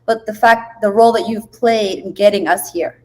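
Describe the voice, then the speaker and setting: A woman's voice: medium pitch, steady tone, normal speed, rough recording. A woman hosting a podcast interview, affirming and encouraging as she asks her guest questions. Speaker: podcast host.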